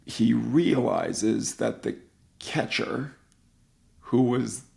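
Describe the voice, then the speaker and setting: A man hosting a podcast, casually and excitedly retelling a film with lots of "like" fillers. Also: medium pitch, extremely slow, creaky. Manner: rambling, animated movie retelling full of "like". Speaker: podcast host.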